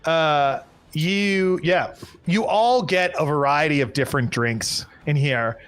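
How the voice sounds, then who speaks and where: A man's voice: fairly high pitch, slow, a bit bright. A man narrating as game master for a tabletop game in a casual, rambling way with many fillers.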